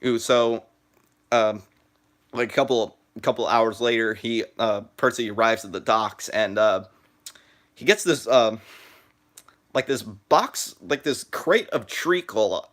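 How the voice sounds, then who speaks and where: A man's voice: on the low side, fairly bright tone. Rambling teenage boy on a phone stream. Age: teens. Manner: halting, full of "uh" and "like", restarts sentences. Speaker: live streamer. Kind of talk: rambling live stream chat.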